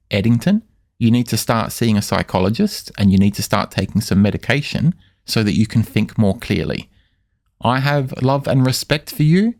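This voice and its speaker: A man speaking insistently to camera in a monologue, repeating and slowly stressing his words. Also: on the low side, a little mellow. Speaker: vlogger addressing his stalker. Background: music.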